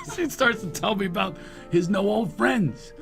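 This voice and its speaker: A middle-aged male host spins an animated comic story and slips into other people's voices as he goes. His voice sits high and swings widely in pitch, with a gravelly rasp, and faint music plays beneath him. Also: moderate pace.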